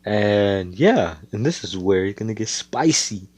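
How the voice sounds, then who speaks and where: A man's voice: fairly low pitch, lively intonation, unhurried, darkish tone, a little hiss or hum. A man casually retelling an imagined anime storyline, rambling with slang and lots of swearing. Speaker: fan storyteller.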